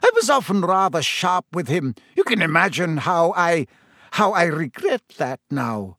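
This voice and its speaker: A man's voice: high-pitched, sing-song, measured pace, creaky, fairly bright tone, no echo, clean studio sound, pitched above the performer's own voice, exaggerated voice. A man voicing a stern older female professor in a storybook reading, with clipped, proper speech. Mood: regretful.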